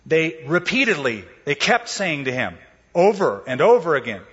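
A man's voice: a little high, big pitch swings, moderate pace, a bit bright, breathy edge, big-room sound, lo-fi sound. A man preaching a sermon, explaining scripture in a casual storytelling way and acting out the quotes. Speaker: pastor.

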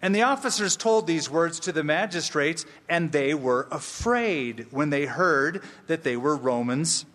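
A man preaching an expository sermon, emphatic and slow, with playful asides. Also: a little high, expressive, fairly bright tone, long reverb tail. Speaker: pastor.

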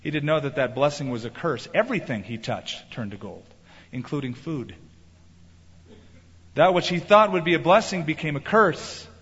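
A middle-aged pastor delivers an emphatic sermon in a somewhat high voice. He leans into key words and slips into other voices for quoted lines. The recording carries the long echo of a large church sanctuary and sounds slightly muffled. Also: animated, normal speed, fairly bright tone, slightly rough. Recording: reverberant hall, slightly muffled.

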